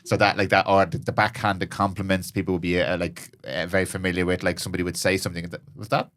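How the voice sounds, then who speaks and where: A man hosting a podcast, speaking casually and thoughtfully, pausing to find his words. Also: deep voice, flat delivery, a bit bright. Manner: thoughtful, searching for words with restarts. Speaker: podcast host. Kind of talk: casual chat.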